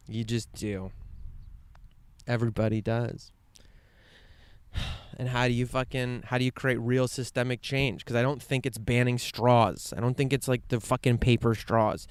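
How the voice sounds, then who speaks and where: A man hosting a podcast, rambling earnestly to himself in a quiet outdoor meadow, with lots of "like" and frequent swearing. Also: mid-range voice, smooth, no echo. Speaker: podcast host. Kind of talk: casual reflective monologue.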